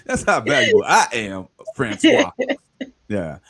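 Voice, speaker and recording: A man hosting a podcast interview, chatting casually and joking with his guest, sometimes dropping his voice low for effect. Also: huge pitch swings, measured pace, creaky, a bit bright, slightly rough. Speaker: podcast host.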